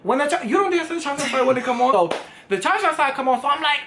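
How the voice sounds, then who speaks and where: A man's voice: very high-pitched, expressive, fast, background noise. A young man in his twenties telling a dramatic, profane story to camera, acting out the other people in it. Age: 20s. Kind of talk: casual storytime. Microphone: camera vlog setup.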